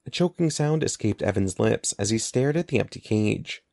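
A man narrating an audiobook in an expressive, lively storytelling manner. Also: on the low side, normal speed, gravelly, dry recording, studio quality. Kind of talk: scripted narration.

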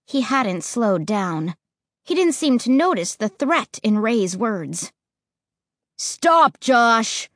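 A woman narrating a chapter book in the first person with an expressive reading style. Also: mid-range voice, takes it slowly, no room sound, studio quality. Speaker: audiobook narrator.

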